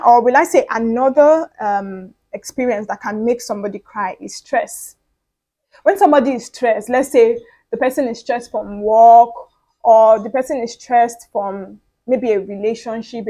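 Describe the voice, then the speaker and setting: A woman's voice: fairly high pitch, a little mellow, poor audio. A young woman hosting her own podcast, talking casually and earnestly to her audience, with frequent fillers and repeated words. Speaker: podcast host. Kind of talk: casual solo monologue.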